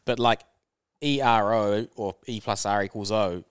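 An easygoing New Zealand man explains ideas step by step in casual podcast talk. His voice is low and smooth. The recording is close and dry. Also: steady tone, measured pace, no room sound. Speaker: podcast co-host. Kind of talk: casual chat.

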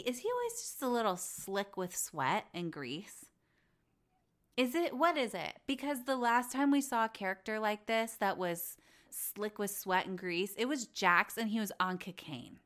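A woman's voice: medium pitch, fairly bright tone. A young woman hosting a podcast, gossiping about reality TV in a chatty, exasperated way with lots of "like". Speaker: podcast host. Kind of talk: casual reality TV recap.

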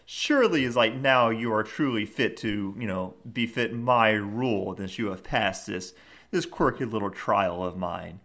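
A man's voice: fairly low pitch, unhurried, a bit bright. A man voicing a grand, self-assured young woman ruler, with a theatrical, lofty delivery.

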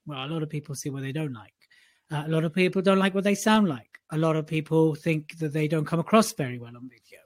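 A man's voice: a little high, fast talker. A man co-hosting a podcast, teasing and mock-exasperated in casual chat. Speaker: podcast co-host, speaking coach.

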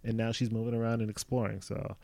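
A man in his thirties with an American accent, a comedian guest talking casually and softly with lots of fillers. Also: on the low side, fast talker, no echo. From United States. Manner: relaxed and soft-spoken, many fillers like "like" and "um". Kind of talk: casual chat.

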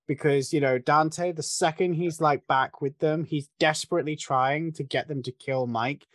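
A man's voice: on the high side, steady tone, moderate pace, no room sound, studio quality. A man co-hosting a podcast, talking films through in a thoughtful, analytical way with frequent restarts. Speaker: podcast co-host discussing a film. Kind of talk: casual film discussion.

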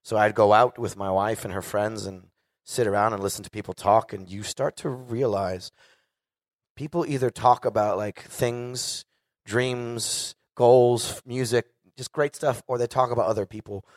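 A man's voice: on the low side, steady tone, measured pace, no room sound, clean studio sound. A man in his forties, a singer, telling a candid and profane story casually to a live audience. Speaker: guest singer.

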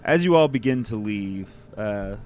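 A man's voice: on the low side, measured pace. A man narrates as game master, his voice rising and falling animatedly. He laughs often and trips into fillers. A faint music bed plays behind him. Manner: lively, laughing, hesitant fillers.

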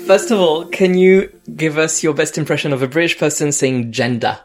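A host from France runs a casual podcast, teasing and roasting with a cheeky edge. Their pitch sits mid-range, with music playing behind them. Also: fairly quick, a little mellow.

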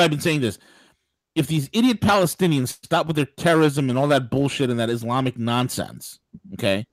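A man hosting a political talk radio show, ranting in an animated way, with mock voices and laughter. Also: mid-range voice, husky, no room sound.

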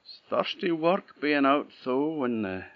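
A man's voice: mid-range voice, big pitch swings, measured pace, voice pushed up. A man with an Orcadian Scottish accent voicing a poor, wise old woman who speaks in earnest, cryptic sayings. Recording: dull lo-fi recording.

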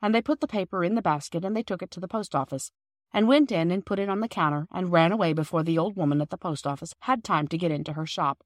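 A woman's voice: lowish voice, quick pace, no echo, clean studio sound. Woman narrating a children's classic. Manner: clear, even storytelling. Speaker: audiobook reader. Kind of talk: scripted storybook narration.

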